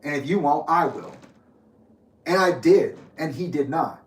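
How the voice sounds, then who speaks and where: A man's voice: on the high side, measured pace. A young man telling his story in an angry personal monologue, bitter, sarcastic and swearing often. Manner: bitter, sarcastic, profane ranting. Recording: echoey room, voice from a distance.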